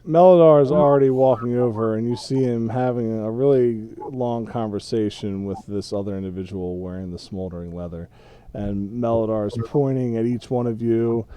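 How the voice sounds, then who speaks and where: A man narrating a tabletop role-playing game as game master, describing scenes in an unhurried way with pauses. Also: mid-range voice, fairly even intonation, warm tone, clean tone. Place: home setup, streamed.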